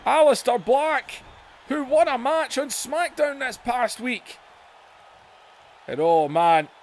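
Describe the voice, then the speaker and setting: A man hosting a gaming video, giving excited wrestling-style play-by-play that bursts into shouts. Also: extremely high pitch, takes it slowly, slight background noise. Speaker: YouTube gaming host.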